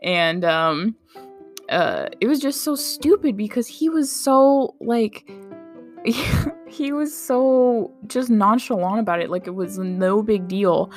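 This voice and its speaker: A woman's voice: mid-range voice, takes it slowly, faint music behind. A young woman who works in a medical clinic tells a casual personal anecdote, chatty and incredulous, saying "like" often and laughing through it.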